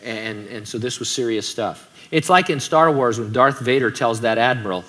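A man delivers a sermon in a bright, forward voice. He keeps it conversational and breaks in with joking asides, at a medium pitch. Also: moderate pace. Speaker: pastor.

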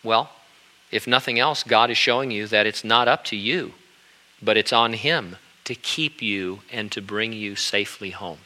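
Older man preaching in a bright voice. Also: on the low side, unhurried. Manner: earnest, conversational preaching with frequent restarts. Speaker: pastor. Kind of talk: sermon.

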